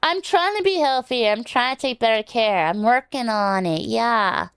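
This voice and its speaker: A woman's voice: on the high side, expressive, normal speed, a bit bright, clear, resonant tone, no echo, studio quality. A woman streamer chatting casually on a reaction stream, rambling and joking, swearing now and then, with a scratchy throat.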